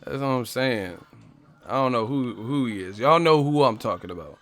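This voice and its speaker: A man's voice: mid-range voice, expressive, moderate pace, a bit bright, soft background music. A man hosting a boxing live stream, ranting casually and profanely with jokes. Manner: profane, laughing, joking. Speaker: boxing channel host.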